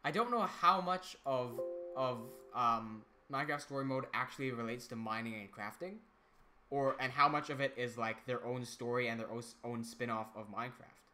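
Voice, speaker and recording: Bright-voiced young male streamer. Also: mid-range voice, fairly even intonation, normal speed, faint music behind. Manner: chatty, reads out chat comments, frequent restarts. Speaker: livestream host and animator. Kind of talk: casual livestream chat.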